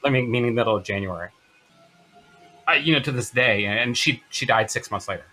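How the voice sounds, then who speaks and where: A man in his fifties, an interview guest telling a personal story in an earnest, halting way. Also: mid-range voice, bright, forceful tone, faint music behind. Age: 50s. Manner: earnest, halting, many fillers and restarts.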